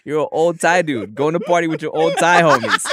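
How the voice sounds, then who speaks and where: A young man from Southern California co-hosts a podcast, telling casual stories with swearing and laughter. His voice is on the high side and fairly bright, his pace brisk, with a little hiss or hum in the recording.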